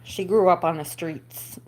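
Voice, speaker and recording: A woman's voice: mid-range voice, warm tone. A woman host chatting casually on a livestream while she plays with her dog, laughing and cooing baby talk into a phone on a stand.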